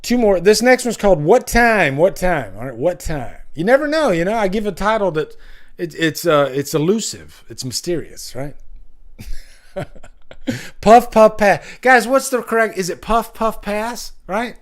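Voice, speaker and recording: A man with a high, sing-song voice hosts a casual livestream chat at normal speed. He rambles and chuckles often while reading out jokes, wandering between loud and hushed.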